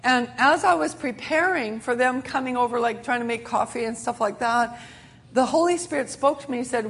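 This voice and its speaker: A woman's voice: fairly high pitch, normal speed. A middle-aged woman preacher telling a sermon testimony in an earnest storytelling way, with many restarts.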